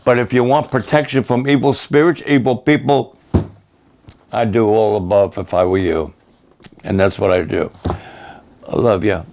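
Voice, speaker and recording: Older pastor making an urgent appeal. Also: male voice, on the low side, steady tone, moderate pace, pauses often, a little mellow, a little hiss or hum. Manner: emphatic, urgent pleading delivery. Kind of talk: fundraising sermon appeal.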